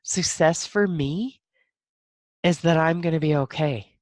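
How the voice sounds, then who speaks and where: Her voice is low and unhurried, recorded with no room sound. In this solo podcast monologue she reflects with emotion, laughing between thoughts, teary and slightly stuffy-nosed.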